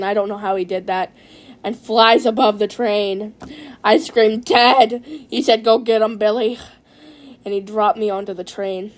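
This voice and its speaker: Excitable woman telling a silly story. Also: medium pitch. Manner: excitable, restarts and repeats words. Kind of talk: rambling comic storytelling.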